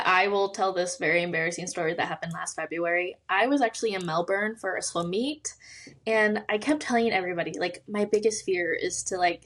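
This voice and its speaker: A woman's voice: lowish voice, fairly bright tone. A 21-year-old woman with an American accent, chatting and joking as a podcast guest, often breaking into laughter. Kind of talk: casual interview chat.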